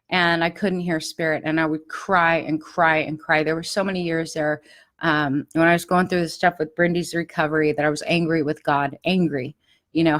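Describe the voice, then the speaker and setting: A middle-aged woman hosting a podcast, giving an earnest, confiding personal spiritual talk. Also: low voice. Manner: earnest, confiding, animated when recalling pleas. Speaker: podcast host.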